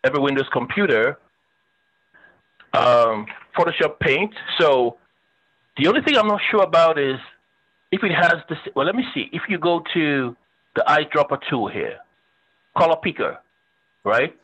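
A man's voice: fairly high pitch, lively intonation, moderate pace, pauses often, fairly bright tone, highs cut off. A man teaching a web design class, chatting and thinking aloud as he demonstrates on screen, with the odd joke for his students. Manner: joking with students. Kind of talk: casual screen-share lecture.

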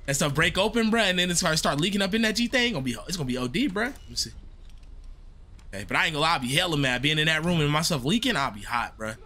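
Bright-voiced laid-back young male gamer. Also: on the high side, animated, rapid-fire. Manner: laid-back, slangy, rambling. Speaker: gaming streamer. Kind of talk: casual gameplay commentary.

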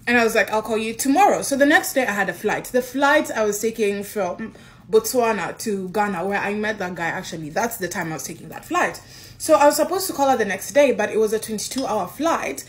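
Animated young woman telling a story. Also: a little high. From Kenya. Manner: animated, excitable, acts out quotes. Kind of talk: casual storytelling.

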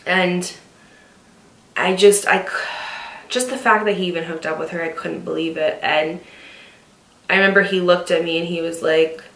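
A woman's voice: on the low side, steady tone, fairly bright tone. Young woman telling a heartfelt story at home. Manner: candid, emotional, talks in fast bursts then slows. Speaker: storytime vlogger. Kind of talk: casual storytime about a past relationship. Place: at home, facing the living room. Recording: roomy echo, distant mic.

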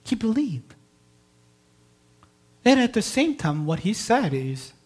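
A woman pastor preaching a sermon, moving from quiet reflection to loud, impassioned emphasis and posing rhetorical questions to the congregation. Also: fairly high pitch, big pitch swings, takes it slowly, pauses often, husky.

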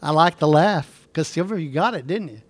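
Male Bible teacher, high voice, emphatic and repetitive, dry close sound. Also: animated, a little fast, no echo. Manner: emphatic, repeats points, asks pointed questions. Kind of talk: classroom Bible lecture.

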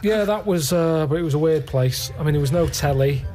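A man musing deadpan and matter-of-fact in a comedy podcast. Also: fairly high pitch, brisk, faint music behind. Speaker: podcast guest. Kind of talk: rambling storytelling in a comedy podcast.

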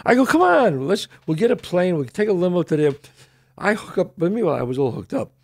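A man's voice: high voice, quick pace. An older man hosting a podcast, telling a story in casual chat and acting out the quoted lines. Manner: animated, acts out quoted dialogue. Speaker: podcast host.

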